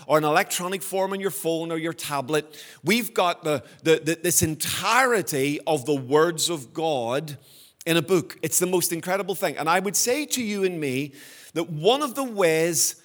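Earnest man preaching with slow emphasis. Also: a little high, a bit bright. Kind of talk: sermon.

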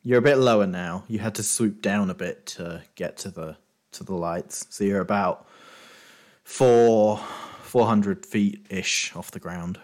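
A man running a tabletop game as game master, narrating scenes with frequent ums and pauses. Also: on the low side, darkish tone. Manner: hesitant, lots of ums while describing.

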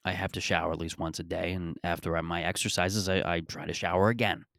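A man's voice: deep voice, level tone, fairly quick, creaky, fairly bright tone, no room sound, studio quality. A man around thirty hosting his own podcast outdoors in a backyard, rambling and joking with a bit of profanity. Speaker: podcast host. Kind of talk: casual solo podcast monologue.

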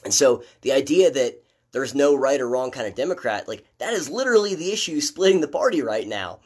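A man's voice: medium pitch, very animated, brisk, husky. A man giving critical, sardonic commentary on a documentary, with frequent fillers and restarts. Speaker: political commentator.

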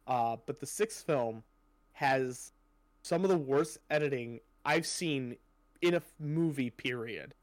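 A man's voice: medium pitch, measured pace, no echo. A young man chatting casually on a podcast, rambling with lots of fillers and casual swearing. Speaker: podcast co-host. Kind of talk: casual chat.

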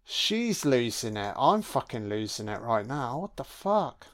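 A man's voice: medium pitch, very animated, measured pace. A man giving a casual film commentary, sweary, sarcastic and mocking.

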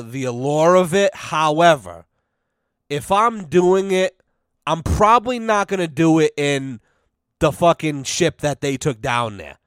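A man's voice: fairly high pitch, a bit bright, clean tone, no room sound, clean studio sound. A man ranting casually as a podcast co-host, profane and rambling, full of repeated fillers.

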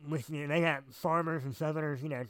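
A man co-hosting a podcast speaks in a slightly higher voice. He is laid-back and often trails off into fillers as he thinks aloud. The recording is dry, with no room echo. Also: fairly even intonation, fast talker, a bit bright, smooth. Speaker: podcast co-host. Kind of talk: casual chat.

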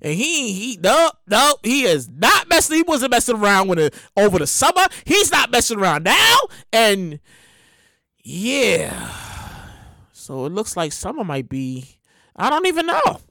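A woman's voice: a little high, very animated, measured pace, bright, forceful tone, no echo, clean studio sound. A woman delivering a casual comedic monologue, rambling, slangy and full of exclamations. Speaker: comedic storyteller.

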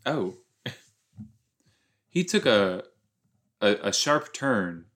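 Podcast host, male, from LA, rambling and giggly, slow unhurried pace. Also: on the low side, sing-song, fairly bright tone. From Los Angeles area. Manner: giggly, rambling, self-mocking. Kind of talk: rewatch reaction commentary.

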